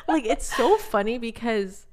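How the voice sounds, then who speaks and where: A woman's voice: on the high side, animated, a little slow, a little mellow. A woman in her twenties co-hosting a podcast, chatting casually, giggling and acting out other people's voices as she tells stories. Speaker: podcast co-host. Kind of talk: casual chat.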